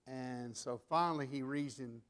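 An older man delivering a sermon, telling stories and acting out the voices of the people in them, moving between loud emphatic lines and soft asides. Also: medium pitch, normal speed. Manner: animated storytelling, acting out voices in quotes. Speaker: preacher.

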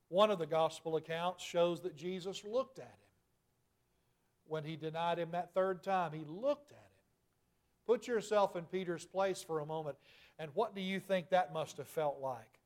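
A man preaching a sermon, reading scripture aloud and explaining it earnestly, growing louder and higher at emphatic moments. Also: measured pace. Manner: rises in pitch and volume at emphatic points.

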